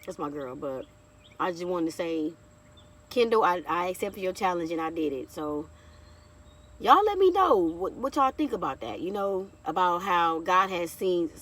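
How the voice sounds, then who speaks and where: A woman's voice: lowish voice, moderate pace, a bit bright, recorded from a distance. A woman in her thirties sharing a heartfelt personal testimony in a casual vlog, talking straight to her viewers and calling them y'all. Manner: heartfelt, chatty, keeps addressing viewers as y'all. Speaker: vlogger.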